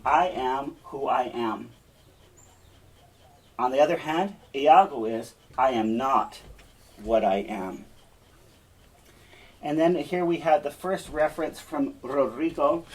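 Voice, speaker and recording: Male teacher, classroom lecture, unhurried, a little high-voiced, checks in often. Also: darkish tone, husky. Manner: unhurried, explains step by step, often checks with "okay?".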